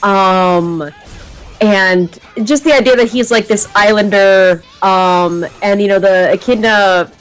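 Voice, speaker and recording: A woman's voice: mid-range voice, slow pace, clear, resonant tone, faint music behind. A young adult woman talking casually and at length, giving her opinions in a rambling way. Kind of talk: casual chat.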